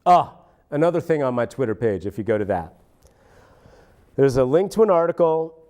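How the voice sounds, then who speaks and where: A man's voice: mid-range voice, moderate pace. A man hosting a local commentary show, ranting sarcastically about politics. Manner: animated, sarcastic, mocking voices.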